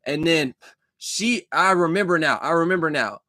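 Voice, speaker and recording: A man's voice: fairly high pitch, animated, moderate pace, pushed and bright, no echo. A young man telling a long dream story in a casual, rambling way, swearing often, repeating himself and restarting his sentences. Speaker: vlogger recounting a dream.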